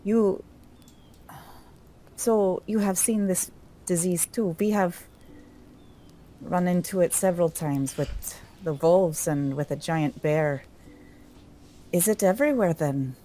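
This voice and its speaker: A woman's voice: lowish voice, slow pace, long pauses, warm tone, pitched above the performer's own voice. A woman voicing an earnest young female traveler who asks eager questions. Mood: anxious.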